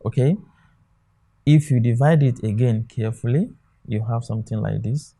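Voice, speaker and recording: A man gives an exam lesson in a mellow, warm voice. He walks through examples on a board, stopping often to say "okay" and check that students follow. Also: mid-range voice, moderate pace, vocal fry. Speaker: exam tutor. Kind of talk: classroom lecture.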